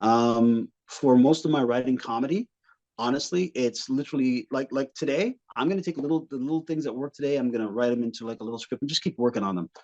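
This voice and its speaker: A man's voice: mid-range voice, quick pace, lo-fi sound. A male comedian guest in a casual podcast interview, telling stories with animation. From Canada. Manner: animated storyteller, acts out family members in voices.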